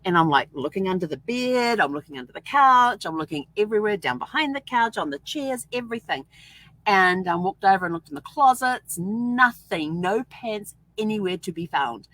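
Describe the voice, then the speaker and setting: A woman's voice: medium pitch, expressive, moderate pace, a bit bright, dry recording, poor audio. A middle-aged woman vlogger telling casual, chatty stories and laughing often as she goes. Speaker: vlog host. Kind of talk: casual storytelling.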